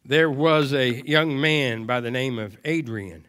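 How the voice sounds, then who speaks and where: A man preaching a sermon, moving from quiet, hushed passages to loud, emphatic cries and repeated phrases. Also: medium pitch, slow, smooth.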